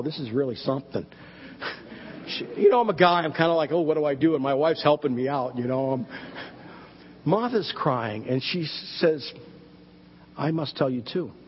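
A man preaching a sermon, telling a story in an animated way and quoting others in conversation. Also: a little high, husky. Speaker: pastor. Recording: dull recording with long hall reverb.

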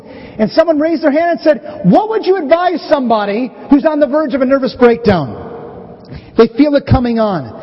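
A middle-aged pastor preaching a conversational, animated sermon to his church. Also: high-pitched, slightly rough. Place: church sanctuary. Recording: dull, hazy recording with long church reverb.

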